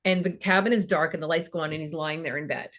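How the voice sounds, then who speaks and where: A child and family therapist in her fifties chats informally on a podcast, performing short scenes of parents talking with teenagers. Her low voice is fairly bright in tone and her pace is quick.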